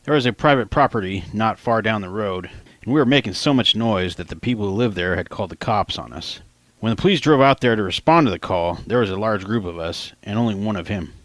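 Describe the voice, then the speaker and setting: Low-voiced man reading his own novel. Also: a little fast, fairly bright tone, no room sound. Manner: plain, casual storytelling, quotes lines in lightly raised voices. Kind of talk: audiobook narration.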